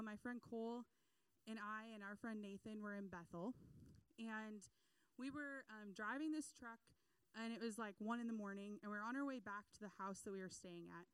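Young woman preacher, smooth clear voice, dry close sound, lively storytelling delivery. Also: a little high, no echo, low-quality recording. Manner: animated storytelling with acted quotes and laughs. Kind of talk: casual sermon.

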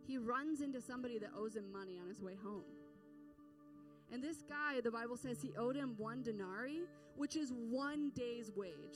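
A woman with a fairly high voice preaches in an easygoing, chatty storytelling manner. She is heard from some distance off the mic, with soft guitar music playing behind her. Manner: casual storytelling with fillers. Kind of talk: sermon.

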